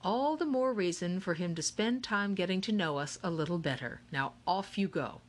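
A woman's voice: lowish voice, expressive, moderate pace. A woman voicing an eccentric, cheerful game-maker man who speaks with grand, theatrical courtesy. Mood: grandly courteous.

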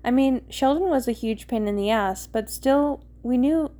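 A woman's voice: high-pitched, moderate pace, warm tone, lightly acted. A woman voicing a nervous, defensive young man who rants anxiously in a story she reads aloud.

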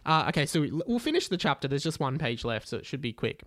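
A man's voice: on the high side, big pitch swings, quick pace, a bit bright, no room sound. Wry male podcast host, dry sound. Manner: mocking, wry asides. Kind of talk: comic reading and commentary.

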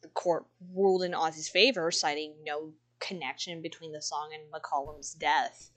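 A woman's voice: deep voice, fairly even intonation, moderate pace. A woman co-hosting a podcast in a casual chat, reading from notes with a chatty, easygoing manner. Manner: chatty, laughs often, reads out notes. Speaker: podcast co-host.

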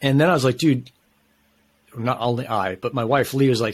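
A man's voice: medium pitch, normal speed, long pauses. A man talking as a podcast guest, telling a long story in a casual, enthusiastic, rambling way with plenty of slang.

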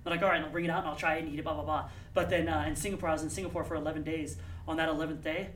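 Fast-talking man in a roomy space. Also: fairly high pitch, a little hiss or hum. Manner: fast, animated storytelling with acted-out quotes. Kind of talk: casual chat. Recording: roomy, distant mic with faint ambience.

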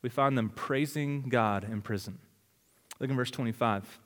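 A male pastor delivers a dramatic sermon packed with rhetorical questions, shifting between loud urgency and hushed intensity. His voice is mid-range at normal speed, with the sound of a big room.

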